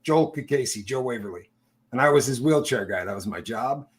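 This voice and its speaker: A man casually telling lively stories about his time in prison, laughing as he goes. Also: mid-range voice, a little fast. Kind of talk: casual storytelling chat.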